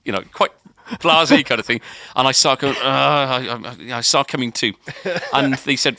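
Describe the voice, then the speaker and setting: Bright-voiced man telling a story. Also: mid-range voice, normal speed, creaky, few pauses, no room sound, studio quality. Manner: rambling, many restarts and "kind of" fillers. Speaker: podcast co-host. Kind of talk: casual storytelling.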